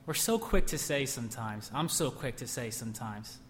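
A man's voice: mid-range voice, animated, normal speed, a bit bright, slight background noise. Young man preaching in an echoey hall. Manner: conversational, acts out quotes with bursts of emphasis. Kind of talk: sermon. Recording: echoey hall, faint ambience.

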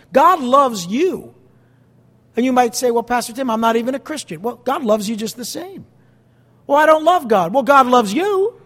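A man's voice: very high voice, in a large hall. A male pastor preaching a sermon in a conversational way, with asides and questions to the congregation.

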